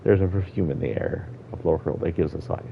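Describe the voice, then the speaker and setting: Slow, quiet, and solemn, a man plays a grieving elderly Argonian woman using a put-on Jamaican-style accent. He speaks in a low voice with vocal fry over dull lo-fi stream audio that has slight background noise.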